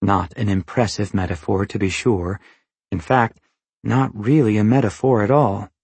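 A man reading a novel aloud as narrator, in a measured, even storytelling manner. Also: lowish voice, breathy edge, dry recording. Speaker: audiobook narrator. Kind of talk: scripted narration.

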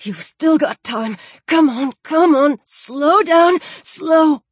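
A woman's voice: sits high, takes it slowly, no room sound, pitched above the performer's own voice. A woman voicing a desperate man struggling in icy water, speaking in urgent, breathless pleas.

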